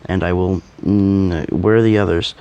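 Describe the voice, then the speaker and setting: A man's voice: sits low, steady tone, unhurried, dark tone, clean tone, dull audio. A man voicing a young female beast-woman with a canine face, speaking hesitantly and apologetically in a fan audio drama. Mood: quiet.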